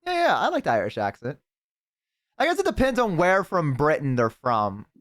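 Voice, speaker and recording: A man's voice: a little high, wildly swooping pitch, normal speed, fairly bright tone, no echo, clean studio sound. A man streaming live, chatting casually to his viewers, rambling and swearing freely.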